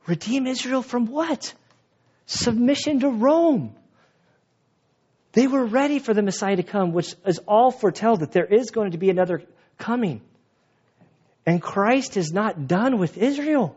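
A man's voice: high-pitched, lively intonation, unhurried, pauses often, darkish tone, breathy edge, dull audio. A man preaching a sermon, retelling scripture casually and playfully, acting out lines of dialogue. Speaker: pastor.

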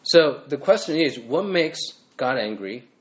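Male pastor, mid-pitched, earnest sermon delivery full of rhetorical questions; muffled lo-fi sound. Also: animated, a little slow. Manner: earnest, asks the listeners repeated rhetorical questions.

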